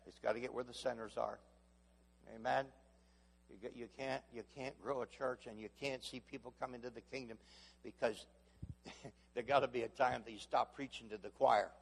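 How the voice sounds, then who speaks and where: Husky-voiced man preaching in a reverberant hall. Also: mid-range voice. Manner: call-and-response preaching with rising emphatic builds. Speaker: pastor. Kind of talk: sermon. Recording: long echo of a large hall.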